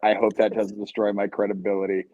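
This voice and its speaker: A man's voice: on the low side, completely flat delivery, fast talker, warm tone, muffled recording, a little hiss or hum. A man in his thirties from Ohio, talking as a podcast guest in a rambling, profane, joking way. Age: 30s. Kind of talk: casual podcast chat.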